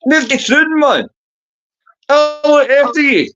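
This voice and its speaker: A man's voice: very high voice, takes it slowly, pushed and bright, faint music behind. A man in casual livestream banter, teasing and swearing freely. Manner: profane, teasing, boisterous. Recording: dull lo-fi stream audio.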